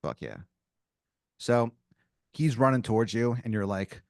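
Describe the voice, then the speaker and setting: A man's voice: medium pitch, sing-song, measured pace, creaky, a little mellow, no room sound, clean studio sound. A man running an improvised tabletop-style story as game master, casual and profane, with lots of fillers.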